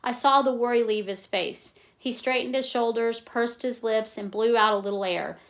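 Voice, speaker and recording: A woman reading a novel aloud in a plain, steady way, stopping now and then to explain in casual asides. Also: fairly high pitch, normal speed. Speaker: reader.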